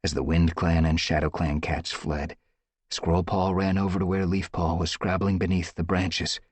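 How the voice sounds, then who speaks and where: A man with a husky voice reading an audiobook with dramatic, tense storytelling. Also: deep voice, little pitch movement, normal speed, no echo. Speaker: audiobook narrator. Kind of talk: dramatic scripted narration.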